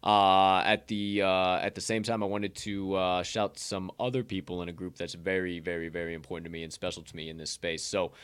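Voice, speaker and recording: A man's voice: low voice, flat delivery, brisk, few pauses, fairly bright tone, clean tone. A young man hosting a casual online stream, hyped up and preachy, swearing as he rants. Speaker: NFT content creator. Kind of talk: casual livestream promo rant.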